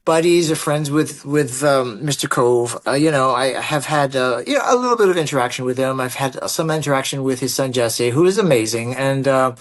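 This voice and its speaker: A man telling a long anecdote as an interview guest, acting out quoted lines with lively energy. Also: mid-range voice, brisk, few pauses. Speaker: guest, martial artist and actor. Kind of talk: storytelling in an interview.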